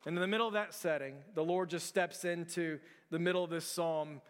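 A man's voice: high voice, fairly even intonation, fairly quick, clean tone, in a large hall. A male pastor preaching a conversational sermon, with frequent restarts and fillers.

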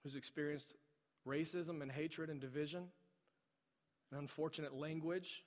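A middle-aged male pastor preaching a sermon. He tells a story, then pleads softly with repeated phrases. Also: a little high, fairly even intonation, normal speed. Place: large church sanctuary. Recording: long hall reverb.

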